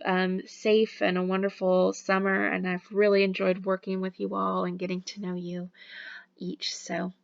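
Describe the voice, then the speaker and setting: Casual woman instructor, gravelly voice. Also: mid-range voice. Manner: casual, filler-heavy with many ums. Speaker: college instructor. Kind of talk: recorded online lecture. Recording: dull lo-fi recording.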